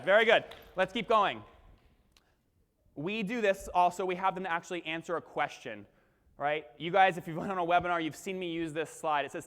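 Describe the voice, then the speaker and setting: A young man giving an energetic conference keynote, talking straight to the crowd and acting out his own presenting lines. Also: high-pitched, normal speed. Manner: punchy, crowd-engaging, acts out webinar lines. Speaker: keynote speaker. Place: large conference hall. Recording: long hall reverb.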